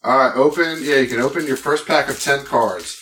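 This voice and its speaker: A man's voice: mid-range voice, brisk, bright, forceful tone, far from the mic, a little hiss or hum, poor audio. A man co-hosting a podcast in casual chat, rambling and often trailing off mid-thought. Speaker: podcast co-host.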